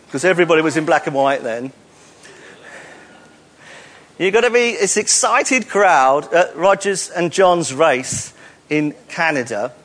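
Guy with a pretty high voice joking around with a hall crowd, teasing volunteers up onto the stage. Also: a bit bright. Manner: teasing, jokey, coaxing volunteers. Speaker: presenter leading audience participation. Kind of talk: playful live audience talk. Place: stage in a hall before an audience.

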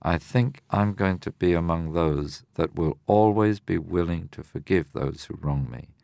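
A man, older, explaining a Bible parable in a measured, teaching way on a discussion program. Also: deep voice, creaky, a little mellow, no echo, studio quality. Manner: measured, explanatory, reads scripture aloud.

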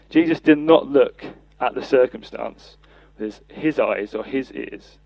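A man's voice: mid-range voice, a little mellow, no echo. Earnest male preacher, dull lo-fi sound. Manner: earnest, quoting scripture with raised voice for quotes. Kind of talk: sermon. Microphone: podcast mic.

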